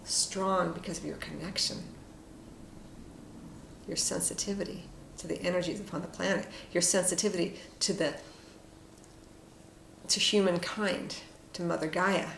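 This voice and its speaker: A woman giving a casual, reflective spoken tarot reading with frequent fillers and soft asides. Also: fairly low pitch, steady tone, moderate pace, creaky, pauses often. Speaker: tarot card reader. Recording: echoey room with faint noise.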